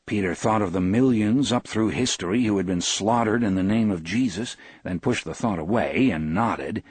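Husky low-voiced male audiobook narrator. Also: no echo. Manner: measured, expressive reading. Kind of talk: scripted narration.

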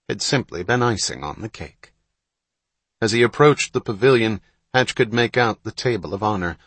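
A man reading a novel aloud as a measured, even audiobook narrator. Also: fairly low pitch, slightly rough, dry recording. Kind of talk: scripted narration.

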